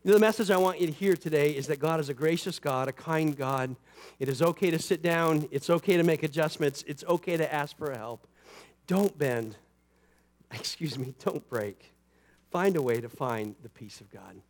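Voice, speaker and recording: A man with a fairly high voice delivers a sermon from the pulpit. He drops into easy asides, then lifts his voice and slows down to drive a point home. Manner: rises and falls for emphasis, slows on scripture; conversational asides with "you know" and "right". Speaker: pastor.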